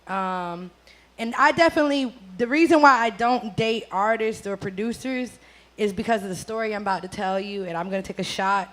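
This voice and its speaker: A woman's voice: medium pitch, a little fast, fairly bright tone. A brash, profane woman, chatting casually as a guest on a drinking talk show. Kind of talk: casual chat.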